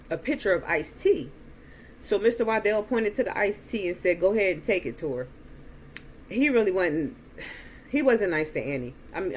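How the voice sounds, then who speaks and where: A woman recapping a movie in a casual, slow way, with frequent ums. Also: lowish voice, a little hiss or hum. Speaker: movie reviewer.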